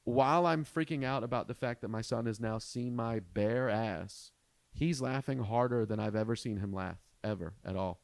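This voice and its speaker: A man in his thirties, a comedian hosting a podcast, telling a profane family story in an animated way. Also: on the low side, normal speed, gravelly, no echo. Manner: animated, profane, rising to shouts at the punchlines.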